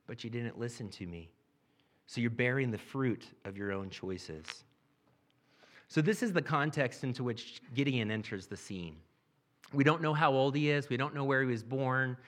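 A pastor preaches a sermon, reading scripture aloud before explaining it in a plain, conversational manner. His voice is mid-range and fairly bright, delivered at a normal speed.

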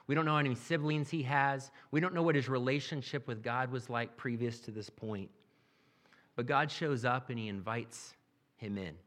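A man's voice: mid-range voice, moderate pace, fairly bright tone. A man preaching a sermon, reading scripture aloud and then explaining it in a plain, conversational way. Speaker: pastor.

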